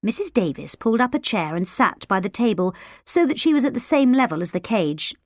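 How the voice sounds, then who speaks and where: A woman reads a children's storybook aloud with lively, expressive delivery. Her voice sits fairly high and moves a lot in pitch. The recording is close and dry. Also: brisk, hardly any pauses, no room sound. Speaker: audiobook narrator. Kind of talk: storybook narration with character voices.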